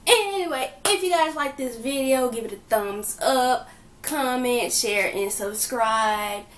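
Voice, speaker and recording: A woman's voice: high voice, unhurried, slight background noise. A woman hosting a reaction video, making blunt, chatty remarks over a clip she is watching. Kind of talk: casual reaction commentary. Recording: echoey room with loud music behind.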